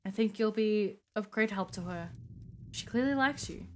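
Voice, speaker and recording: A woman voicing a gracious elder vampire patron who speaks formally and in a measured way. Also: medium pitch, a little hiss or hum, natural voice.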